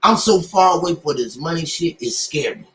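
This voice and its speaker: High-voiced man telling animated stories. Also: normal speed, rough recording. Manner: animated storyteller acting out others' lines. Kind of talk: casual podcast chat.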